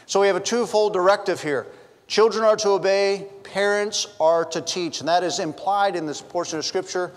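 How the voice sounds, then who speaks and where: A man's voice: high-pitched, in a large hall, a little hiss or hum. A middle-aged man preaching a sermon as a pastor, telling funny family stories and bantering with the congregation. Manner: storytelling with humor, chatty asides to the congregation. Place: church sanctuary.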